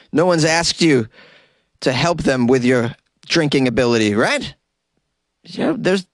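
A man's voice: on the high side, a bit bright, dry recording, clean studio sound. A man hosting a comedic news podcast from a closet, joking in asides as he reads stories. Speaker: podcast host. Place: closet in a home.

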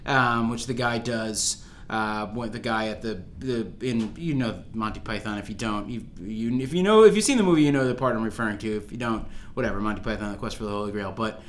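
A man in a casual chat, asking lively questions and laughing in disbelief. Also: lowish voice, brisk, a little hiss or hum. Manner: animated, questioning, laughs, incredulous.

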